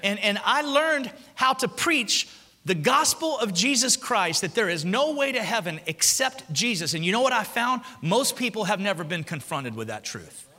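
A male pastor delivers an emphatic sermon. His voice sits high and bright, and he keeps a conversational, punchy rhythm with frequent rhetorical questions. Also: big pitch swings, normal speed. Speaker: senior pastor.

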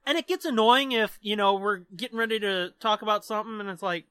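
A young man hosts a podcast and talks in a loose, joking way, loud and full of swearing. His voice is bright and forceful, and it sits at a middle pitch. The sound is dry and close, with no room echo. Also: fast talker, clean tone. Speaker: podcast co-host. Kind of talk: casual chat.

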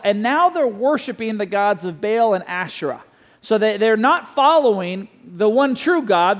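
A man preaching a sermon, telling a story with animated delivery and putting questions to the listeners. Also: high-pitched, long reverb tail. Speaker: pastor.

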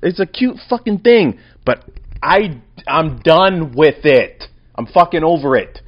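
Animated, profane young man ranting on a podcast. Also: fairly high pitch, unhurried, no room sound, dull audio. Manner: profane, rambling and animated, with swings between mumbling and loud outbursts. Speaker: podcast host. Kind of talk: casual solo podcast rant.

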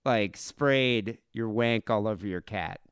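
An American man co-hosting a crude comedy podcast, joking and animated, dropping "like" often. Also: fairly low pitch, takes it slowly, clear, resonant tone, dry recording, clean studio sound. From United States. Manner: animated, jokey, says "like" often. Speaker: podcast co-host.

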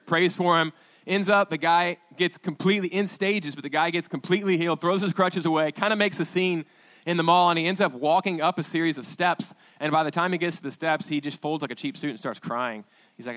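A man preaching a sermon as pastor, telling stories in a chatty, halting way with restarts and quoted dialogue. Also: on the high side, fairly bright tone. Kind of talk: conversational sermon storytelling.

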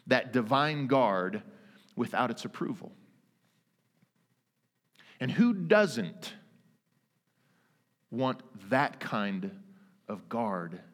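A man in his thirties preaching a sermon, earnest and emphatic, with dramatic pauses. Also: medium pitch. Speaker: pastor. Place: church sanctuary. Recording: long reverb of a church hall.

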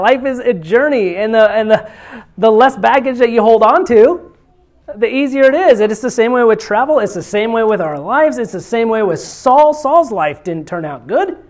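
A woman preaching a conversational sermon. She keeps asking the congregation questions, tags her points with "right?" and "you know?", and repeats key lines slowly and softly to drive them home. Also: on the high side. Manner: asks the congregation rhetorical questions; repeats key phrases, slowing and softening to stress them.

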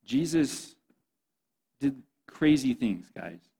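A man's voice: mid-range voice, lively intonation, drawn-out words, gravelly, dark tone, slight background noise. A man giving an earnest, impassioned sermon as a youth pastor, often speaking to his listeners as "guys.".

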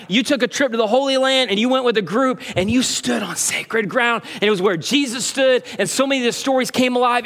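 A pastor preaches a sermon, animatedly acting out puzzled listeners before dropping into slow, low emphasis. A long hall reverb surrounds his voice.

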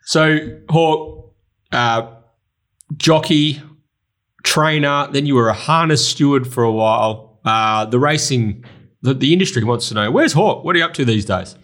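A man's voice: medium pitch, measured pace, a bit bright. An Australian man hosting a racing podcast, chatting casually and introducing segments. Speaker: podcast host.

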